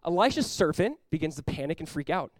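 Fast, emphatic man preaching a sermon. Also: fairly high pitch, sing-song, dry recording, poor audio. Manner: earnest, emphatic, repeats words while building points; acts out short quoted voices. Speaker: pastor.

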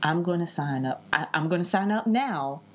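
Low-voiced woman chatting casually. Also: moderate pace. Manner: animated, playful, breaks into impressions. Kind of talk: casual podcast chat.

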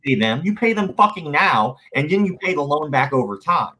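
A man in casual podcast chat, profane and heated, quick to launch into a rant. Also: fairly high pitch, big pitch swings, a crowd in the background.

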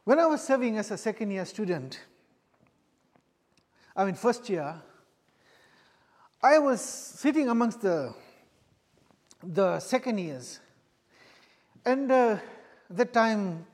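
Earnest high-voiced preacher in a reverberant hall. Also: male voice. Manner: earnest, halting, many restarts and repeated phrases. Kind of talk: sermon with personal testimony.

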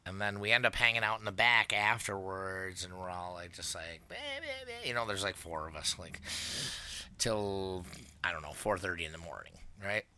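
A man in casual podcast chat, telling a story in a relaxed, rambling way with many fillers. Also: low voice, normal speed.

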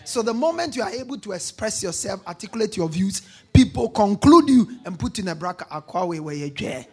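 A male pastor preaching a sermon, repeating key lines, prompting the congregation to answer and bursting into shouts on key points. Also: high voice, expressive, brisk, slightly rough.

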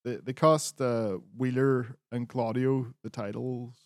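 A man's voice: medium pitch, fairly even intonation, slow, darkish tone, no echo, studio quality. A man co-hosting a podcast, recapping wrestling in a laid-back way with lots of fillers and the odd swear. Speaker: podcast co-host. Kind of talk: casual wrestling chat.

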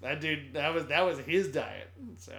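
A man co-hosting a film podcast in casual chat, telling relaxed, rambling anecdotes with fillers. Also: on the high side, normal speed, creaky. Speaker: podcast co-host.

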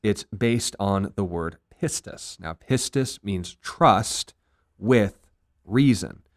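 Earnest low-voiced pastor, dry sound. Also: male voice, expressive, no echo. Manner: earnest, explanatory, brisk. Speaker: pastor and host. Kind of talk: faith discussion podcast.

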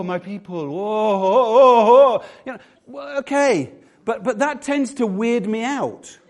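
A man's voice: very high-pitched, a little mellow. A middle-aged man preaching a sermon as pastor, conversational and self-deprecating.

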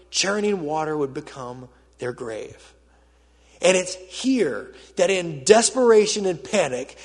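A male pastor preaching a sermon, telling the story dramatically and swinging from loud, urgent passages to hushed ones. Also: sits high. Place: church auditorium with a screen. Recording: reverberant hall.

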